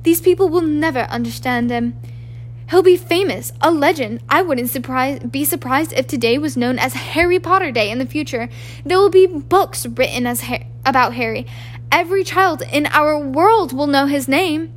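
A woman's voice: high voice, moderate pace, close to an everyday voice. A woman reading an audiobook, voicing a stern older female witch professor with a tense, trembling, emphatic manner. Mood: indignant.

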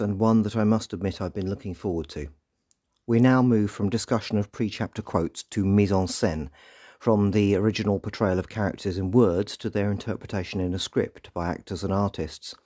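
A man hosting a podcast, reading a scripted analysis in a measured, articulate way. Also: on the low side, mellow, breathy edge. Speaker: podcast host. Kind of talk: scripted book analysis narration.

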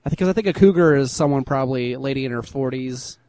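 An easygoing young man co-hosts a podcast in a mid-pitched voice. He agrees readily and chuckles through casual chat, recorded close and dry. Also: quick pace, mellow, no room sound. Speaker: podcast co-host.

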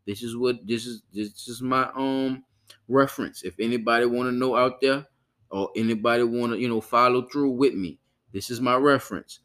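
A man's voice: mid-range voice, fairly even intonation, moderate pace, fairly bright tone. A man hosting a podcast in loose, profane casual chat, often repeating himself to listeners. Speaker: podcast host.

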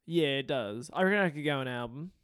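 A bright, forceful-sounding man co-hosts a relaxed chat, wandering through anecdotes with plenty of ums and restarts. His voice is close and dry, with no room sound around it. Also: mid-range voice, fast talker, clear, resonant tone, dry recording. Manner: rambling storyteller with many fillers. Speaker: podcast co-host. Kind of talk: casual chat.

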